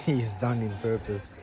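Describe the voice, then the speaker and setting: A man in a casual vlog, talking in a sulky, complaining way. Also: lowish voice. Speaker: vlogger's partner.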